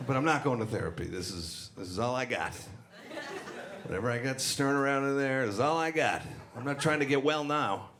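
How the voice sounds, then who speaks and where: A middle-aged man doing a stand-up set on a club stage, with dark, deadpan crowd work and acted-out voices. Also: mid-range voice, a little fast, background noise. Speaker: stand-up comedian. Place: comedy club stage before a live audience. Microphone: handheld stage mic. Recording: live club recording, loud crowd laughter.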